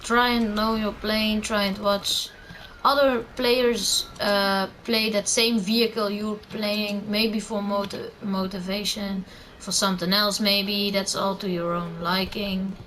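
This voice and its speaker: A teenage girl talks through game tips at an unhurried pace, in a mid-range voice. She rambles, restarts her sentences and fills the gaps with "uh". Faint background hiss and the tapping of a keyboard sit under her voice. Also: medium pitch, little pitch movement, a bit bright, poor audio. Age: teen, under eighteen. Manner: rambling, many fillers and self-corrections. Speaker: gamer giving tips. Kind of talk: casual gameplay commentary.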